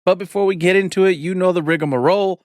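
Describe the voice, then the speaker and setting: Upbeat male podcast host, a touch high, kicks off the show like a showman, dry sound. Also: fairly even intonation, fast, no room sound. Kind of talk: show opening.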